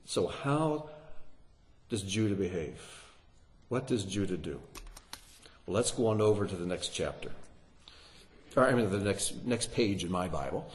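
A man's voice: low voice, lively intonation, measured pace, long pauses. A man teaching through a Bible passage, reading scripture aloud with rising emphasis and asking his listeners rhetorical questions.

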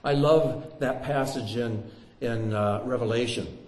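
A man preaching a sermon in an animated way, with joking asides and swings between loud and hushed delivery. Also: mid-range voice, unhurried, reverberant.

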